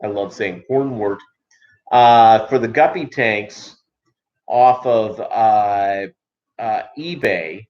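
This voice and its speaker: A man's voice: lowish voice, takes it slowly. Male streamer from Minnesota, casual and meandering, lots of "uh", dull lo-fi recording. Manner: rambling, many filler ums and uhs. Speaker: livestream host. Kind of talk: casual livestream chat.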